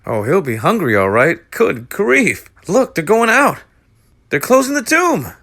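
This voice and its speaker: A man voicing an excited, anxious young boy who yells high and loud. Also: measured pace, vocal fry, slightly rough, heavily acted. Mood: agitated.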